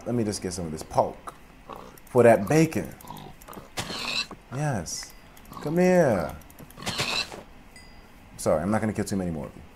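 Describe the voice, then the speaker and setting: A young man giving casual, profane let's play commentary, drifting between mumbled asides and loud outbursts. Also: lowish voice, a little hiss or hum. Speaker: gaming commentator.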